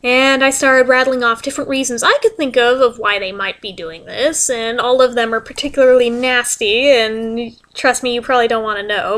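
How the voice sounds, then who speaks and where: A woman's voice: a little high, fairly bright tone. A young woman telling a story in a casual vlog, chatty and exasperated, swearing freely. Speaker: vlogger.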